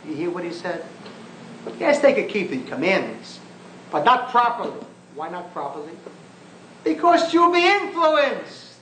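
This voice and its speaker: A man's voice: fairly high pitch, big pitch swings, normal speed, a bit bright. A man giving an impassioned lecture on Jewish thought, emphatic and often sarcastic, repeating phrases for force. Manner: sarcastic asides. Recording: echoey room with faint background noise.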